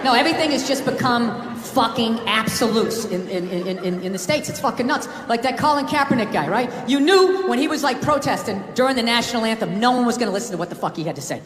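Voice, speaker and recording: A man's voice: very high voice, lively intonation, fast talker, few pauses. Ranting man in echoing comedy hall. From US East Coast. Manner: ranting, profane, shouting at times. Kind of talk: stand-up comedy. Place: large live comedy venue. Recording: live venue with long reverb and loud crowd. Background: audience laughter and crowd noise.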